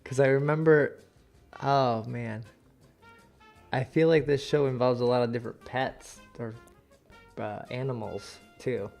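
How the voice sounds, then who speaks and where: A man's voice: mid-range voice, fairly even intonation, a little slow, vocal fry, pauses often, a little mellow, soft background music. A man co-hosting a podcast, guessing quiz answers casually and thinking aloud. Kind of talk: casual chat.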